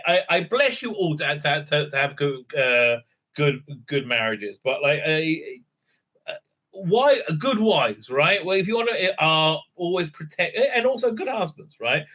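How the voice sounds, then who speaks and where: A man's voice: a little high, sharp tone. A middle-aged man, casually recapping a TV episode in a rambling, profane way and often tagging on "right?". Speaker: TV show reviewer.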